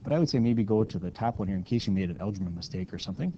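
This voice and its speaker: Mellow-voiced male math teacher, lo-fi. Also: fairly low pitch, lively intonation, rapid-fire, a little hiss or hum. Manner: casual, explains step by step, corrects his own slips. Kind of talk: recorded calculus lecture.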